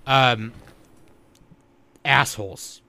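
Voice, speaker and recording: A young man on a podcast recapping manga plot, animated and swearing a lot, acting out the characters' lines. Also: mid-range voice, drawn-out words, vocal fry. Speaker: podcast co-host. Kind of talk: casual podcast chat about manga.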